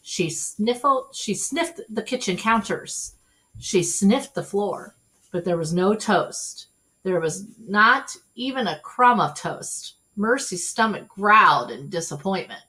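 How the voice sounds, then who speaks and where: A woman reading a children's storybook aloud in an expressive, animated way. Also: medium pitch, takes it slowly. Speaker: storybook reader.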